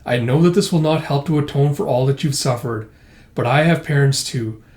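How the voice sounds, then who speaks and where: A man voicing a dignified older woman who speaks gently and formally. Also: medium pitch, moderate pace, echoey room, close to an everyday voice. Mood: solemn.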